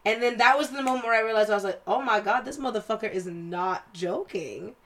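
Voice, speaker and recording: Animated young woman telling a story. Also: on the high side, a little fast, few pauses. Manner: animated, swears often, quotes people in their own voices. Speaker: podcast co-host. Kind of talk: casual storytelling chat.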